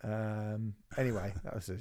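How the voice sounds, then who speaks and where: A man's voice: fairly low pitch, steady tone, normal speed, a little mellow, a little hiss or hum. A man with an English accent hosting a podcast in casual, rambling chat, laughing often and teasing himself. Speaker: podcast host.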